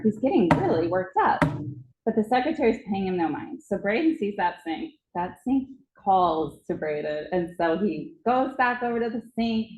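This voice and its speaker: A woman's voice: medium pitch, a little mellow, reverberant, lo-fi sound, slight background noise. A woman speaking at a conference, telling a vivid story about a child and acting out its moments. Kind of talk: storytelling presentation. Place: conference hall.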